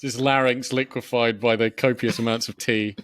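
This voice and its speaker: A man's voice: medium pitch, steady tone, fairly bright tone, no room sound, studio quality. A man who reviews films, chatting casually and joking on a podcast. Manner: laid-back, joking, drawn-out opinions. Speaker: film critic podcast host.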